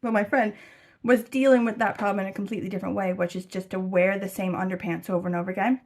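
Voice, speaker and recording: A young American woman chatting casually to camera about her travels, rambling and animated, with lots of fillers and swearing. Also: medium pitch, fast. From United States. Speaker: travel vlogger. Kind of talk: casual chat.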